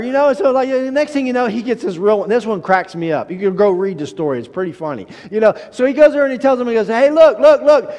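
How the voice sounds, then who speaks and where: A man with a high voice preaching, storytelling with animation and acting out the quotes. He often restarts his phrases. His voice rings with long reverb. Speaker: pastor. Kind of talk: sermon.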